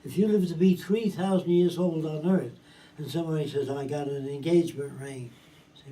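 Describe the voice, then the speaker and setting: A man's voice: on the high side, expressive, moderate pace, dark tone. A man giving an informal talk to a small group. He speaks in a blunt, profane, emphatic way and keeps asking whether his listeners understand. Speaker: lecturer. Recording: distant mic with faint background hiss.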